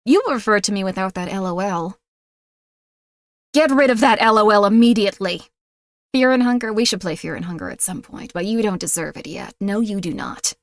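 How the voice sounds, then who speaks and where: A woman playfully voicing a stern, domineering female taskmaster who mock-yells orders at her audience. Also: mid-range voice, fairly quick, no room sound, close to an everyday voice. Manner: mock-yelling, imperious scolding. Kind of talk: playful role-play on a livestream.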